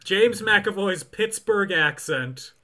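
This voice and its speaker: A man hosting a podcast, reading out film facts with dry jokes in between. His voice is fairly high and very bright, with a forceful edge. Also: expressive, slow. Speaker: podcast host. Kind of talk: casual chat with read-out film facts.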